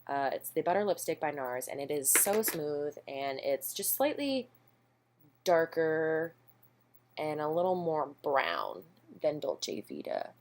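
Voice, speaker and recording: A woman's voice: sits low, very animated, slow, a little mellow, a little hiss or hum. A young woman chatting casually through a makeup haul at home, rambling and self-deprecating with lots of ums. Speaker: beauty vlogger. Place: home, indoors.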